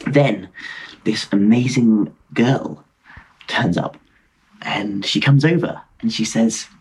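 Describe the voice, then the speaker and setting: A man in his twenties from Britain, an excitable, animated storyteller chatting casually as a podcast guest over a video call. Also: lowish voice, takes it slowly, breathy edge, poor audio. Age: 20s. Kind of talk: casual chat.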